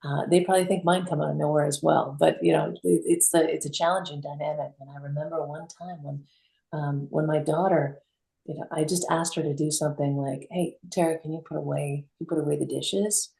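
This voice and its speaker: Female co-host, low gravelly voice, mellow tone, roomy sound, lively storyteller. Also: a little fast. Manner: animated storytelling, acts out quotes. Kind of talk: reflective conversational talk. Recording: roomy echo.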